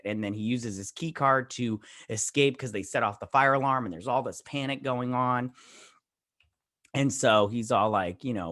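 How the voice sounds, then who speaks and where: A man's voice: mid-range voice, a bit bright, no room sound, clean studio sound. A man giving a casual, rambling spoken review of a TV episode, full of fillers and loose retellings of scenes. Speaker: YouTube reviewer.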